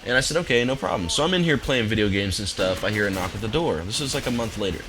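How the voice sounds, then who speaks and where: Laid-back low-voiced young gamer guy. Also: expressive, fast talker, music in the background, rough recording. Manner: laid-back, rambling, amused. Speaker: gaming commentator. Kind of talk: casual storytelling over gameplay. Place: home office.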